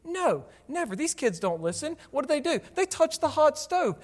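A pastor with a very high-pitched, sing-song voice preaches to his church at normal speed, talking conversationally and posing rhetorical questions to the congregation. The church sanctuary gives the recording a long hall reverb.

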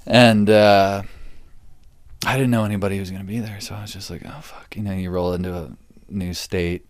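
A man's voice: low-pitched, level tone, brisk, no room sound. A man hosting a casual chat, telling rambling stories full of swearing. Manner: rambling storyteller, heavy swearing; acts out others' lines in raised voice. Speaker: podcast host.

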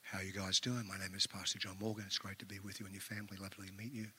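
A man voicing an overly gentle young male pastor with a soft, syrupy consoling tone. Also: low-pitched, flat delivery, racing, slight background noise, voice pushed down. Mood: hushed, consoling.

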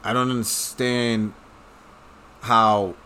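Man, casual monologue, blunt, profane, opinionated, mid pitch. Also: little pitch movement, takes it slowly, pushed and bright, a little hiss or hum. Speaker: commentator.

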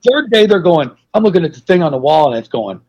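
A man with a fairly high, husky voice tells lively stories full of swearing. The sound is muffled and lo-fi. He talks casually with an interviewer. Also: fast. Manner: profane, animated anecdotes. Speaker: guest, wrestling manager.

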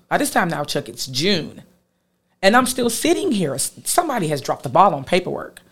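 A woman, a guest telling a personal story in an animated way, acting out what others said. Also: lowish voice, brisk, slightly rough. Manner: animated, quotes others with lively voices.

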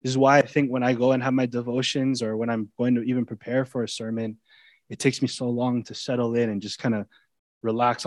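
A man preaching a sermon as a pastor, speaking in a conversational way that swings between loud, emphatic lines and quiet, intimate asides. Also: medium pitch, no room sound. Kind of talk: expository sermon.

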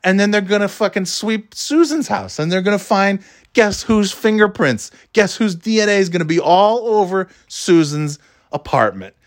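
A man delivering a profane, animated comedic rant about a movie, jumping into character voices. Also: sits high, normal speed. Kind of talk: stand-up style comedic rant.

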